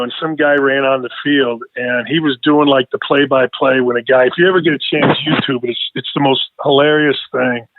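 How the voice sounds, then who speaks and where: A middle-aged man and radio host, talking as a guest on a podcast. He tells stories in a lively way, laughs often and repeats his words as he talks. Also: mid-range voice, dry recording. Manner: animated storytelling, laughs a lot, repeats words. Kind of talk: casual podcast conversation. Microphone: phone line. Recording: thin phone line.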